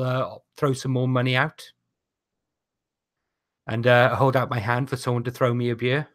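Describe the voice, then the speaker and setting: Player, man, bright and tense tone, stop-start with lots of fillers, video call. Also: medium pitch, level tone. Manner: halting, many fillers. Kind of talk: describing wrestling moves in a tabletop game.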